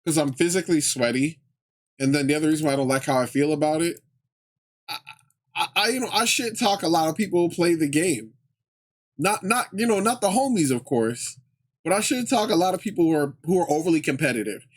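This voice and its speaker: A man's voice: on the high side, animated, fairly quick. A young man streaming live, chatting casually with viewers in laid-back slang and laughing often.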